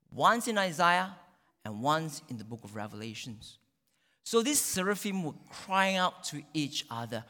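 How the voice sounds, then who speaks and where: A male pastor preaching a sermon, dramatic, with sudden loud peaks and drawn-out phrases. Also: a little high. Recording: long reverb of a large hall.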